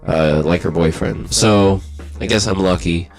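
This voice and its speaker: A man's voice: deep voice, unhurried, faint music behind. A young man hosting a podcast, rambling loosely and self-deprecatingly with plenty of swearing. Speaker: podcast host. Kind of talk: casual, profane podcast chat.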